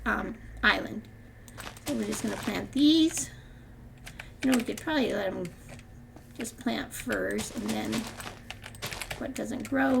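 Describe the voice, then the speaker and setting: A woman's voice: a little high, gravelly, slight background noise. An older woman hosting a gaming channel, chatting casually through her gameplay with frequent laughs and rambling restarts.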